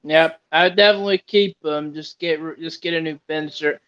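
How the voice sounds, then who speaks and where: Smooth-voiced man on a dull lo-fi line. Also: on the high side, steady tone, brisk, a bit bright. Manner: brief agreeing replies. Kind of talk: casual chat. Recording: dull lo-fi audio.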